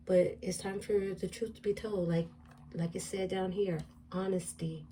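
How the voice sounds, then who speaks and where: Soft-toned woman doing a tarot reading. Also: mid-range voice, far from the mic, a little hiss or hum. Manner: musing, repeats card affirmations aloud. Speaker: tarot reader. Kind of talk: casual tarot reading to camera.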